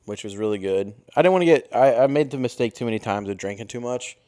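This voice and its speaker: A man's voice: mid-range voice, expressive, fast talker, mellow. A young man co-hosting a comedy podcast, tired and chatting casually with crude jokes. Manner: crude, joking, drifts into voices. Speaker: podcast co-host. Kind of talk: casual chat.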